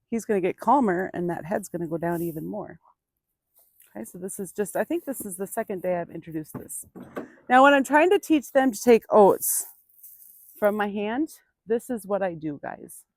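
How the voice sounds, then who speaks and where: A woman in an outdoor pen, explaining each step of a training session to viewers. She sounds dry and close, at a middle pitch. Her voice drops to a gentle, coaxing murmur when she speaks to the animal. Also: no echo. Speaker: burro trainer. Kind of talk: hands-on training demonstration.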